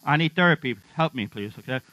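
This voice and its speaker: With a medium-pitched, bright and forceful voice, a middle-aged pastor preaches quickly and with lively intonation in a church. He keeps it humorous and conversational, often putting questions to the congregation; the audio is dry, somewhat lo-fi and dull, with mains hum and no room sound.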